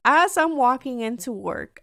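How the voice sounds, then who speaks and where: A woman's voice: on the high side, a little slow, vocal fry, no room sound. Chatty young woman, close and dry. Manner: chatty, candid and animated, with many "like" fillers. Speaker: podcast host. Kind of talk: casual personal podcast monologue.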